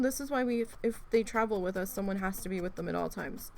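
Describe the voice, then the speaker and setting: At home with her needle felting, this woman runs through rambling stories, cursing freely and acting out how she reacted. Her medium-pitched, gravelly voice is quick, darkish and hardly pauses, and there's a little hiss or hum. She hosts a crafting video and the talk is casual chat while crafting.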